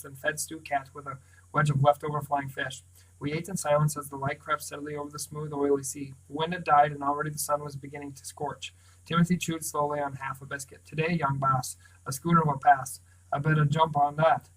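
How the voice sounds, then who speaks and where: A man reading a novel aloud in first person, with even, steady narration. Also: a little high, quick pace, poor audio. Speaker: audiobook reader.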